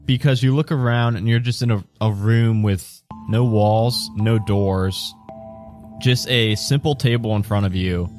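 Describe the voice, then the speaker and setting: Low-voiced male game master narrating. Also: steady tone, unhurried, a little mellow, faint music behind. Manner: descriptive, laughs between lines.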